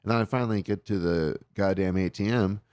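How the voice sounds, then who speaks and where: A man's voice: low-pitched, brisk, a little mellow, no echo. A man hosting a call-in show, telling a rambling story in casual talk, swearing constantly and filling his sentences with "like" and "uh". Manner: swears constantly, rambling rant with many fillers.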